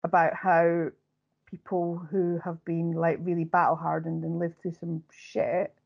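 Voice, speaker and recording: A woman's voice: lowish voice, flat delivery, unhurried, gravelly. A woman co-hosting a podcast, chatting casually and rambling with many fillers. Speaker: podcast co-host. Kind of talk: casual chat. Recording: dull lo-fi recording.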